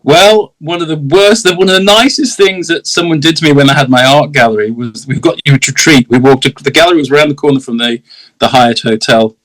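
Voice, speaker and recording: A man's voice: fairly high pitch, brisk, a bit bright, rough recording. Chatty English storyteller man. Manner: chatty storyteller, laughs often, acts out voices in anecdotes. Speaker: guest. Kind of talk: casual interview chat.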